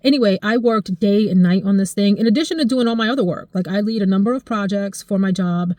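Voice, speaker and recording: A woman in her forties chatting casually to camera about her life, expressive and emotional, her voice jumping high when she gets excited. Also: quick pace, no room sound. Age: 40s. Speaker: vlogger.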